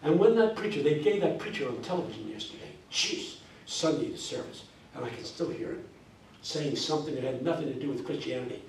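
An older man giving a passionate classroom lecture, breaking into song snippets and rising to near shouting. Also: medium pitch, expressive, fairly quick, a little hiss or hum. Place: university classroom. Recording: echoey classroom miked from a distance.

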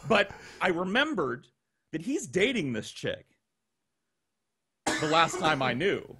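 A man on a remote call telling a crude podcast story. He talks in a raised, lively pitch that leaps up and down, and he swears and plays out each person's lines himself. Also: takes it slowly, background noise. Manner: profane, animated, acts out quoted voices. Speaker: guest storyteller.

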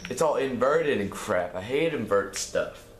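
A man's voice: mid-range voice, expressive, unhurried, slight background noise. A man doing casual let's play commentary, ranting in frustration and swearing often. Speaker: gamer. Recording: roomy echo with faint game music.

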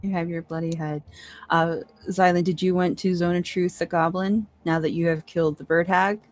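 A woman's voice: lowish voice, steady tone, normal speed, faint music behind. A woman narrating as dungeon master in a tabletop game, describing scenes in a laid-back way and laughing often.

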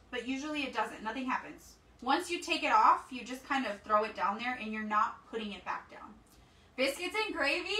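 A woman's voice: a little high, sharp tone. Chatty woman hosting a craft livestream. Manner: chatty, talks to viewers as guys. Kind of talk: casual live craft demo, reading comments. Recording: roomy echo, mic at a distance, faint background noise.

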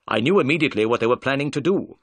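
A man's voice: medium pitch, expressive, racing, no echo, lightly acted. A man doing a firm, commanding detective. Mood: confident. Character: confident brisk male detective.

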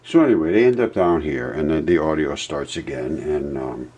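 A man's voice: very deep voice, normal speed, a little mellow, slight background noise. A man casually commenting over video footage and retelling a scene in a rambling way. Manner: rambling storytelling with restarts.

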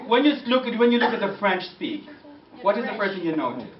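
A man giving a lively, laughing lecture with anecdotes, slipping into French and phrases. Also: sits high, quick pace, a crowd in the background. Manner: animated, mixes French and Filipino phrases, laughing often. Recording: distant roomy lo-fi recording with audience.

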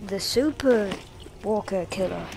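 A woman's voice: medium pitch, a little slow, vocal fry, background noise. A young woman streaming a game, chatting and joking, then shrieking when attacked. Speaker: gaming streamer. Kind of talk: gameplay commentary. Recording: loud game sounds under the voice.

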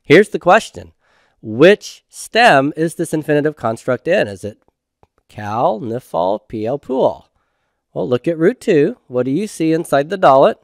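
A man's voice: fairly high pitch, big pitch swings, a little slow, vocal fry, no room sound, clean studio sound. A man teaching a homework review lecture, patiently asking questions and answering them himself. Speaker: Hebrew instructor.

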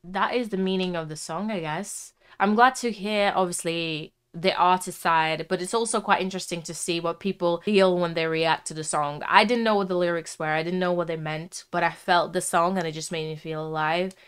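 Young woman vlogger, lower voice, chatty and sincere reaction talk with lots of fillers. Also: fairly even intonation, moderate pace, hardly any pauses, clean tone. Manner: chatty, heartfelt, frequent "like" fillers. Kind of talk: casual reaction commentary.

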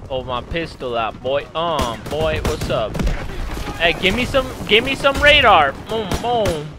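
A young man giving casual, profane, excitable commentary while playing a war shooter, shouting at the game. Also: on the high side, unhurried. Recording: loud gunfire from the game over the voice.

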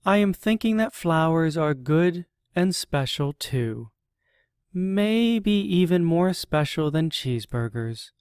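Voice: mid-range voice, animated, slow pace, darkish tone, clear, resonant tone, dry recording, studio quality. A storybook reader voicing a lonely, hungry raccoon who talks in an earnest, plain way.

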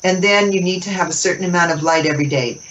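A woman interview guest giving a spiritual teaching talk, expressive and laughing often as she acts out little dialogues. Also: fairly low pitch, fast. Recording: distant mic, muffled, faint noise.

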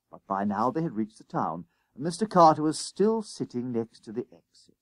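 Expressive man reading a storybook. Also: medium pitch, no echo. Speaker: author reading his own book. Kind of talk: storybook narration.

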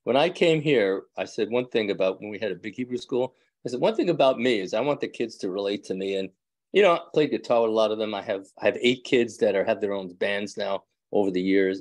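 A rabbi talks to his evening class in a low, gravelly voice, loose and chatty, often doubling back on his words. The sound is close and dry, with almost no room around him. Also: a little mellow, no echo. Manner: conversational, repeats words, addresses the group as guys. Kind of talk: informal class talk.

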